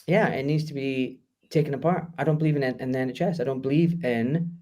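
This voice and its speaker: A middle-aged man talking as a guest doctor in a casual interview, animated and emphatic, swearing freely. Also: medium pitch, brisk.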